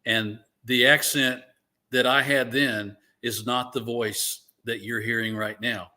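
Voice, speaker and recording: An older man from Alabama, a veteran guest telling stories slowly, with "uh" pauses in an interview. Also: medium pitch, steady tone, pushed and bright. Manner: unhurried, drawn-out delivery with frequent "uh" pauses. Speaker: guest, veteran naval aviator. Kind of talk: relaxed storytelling interview.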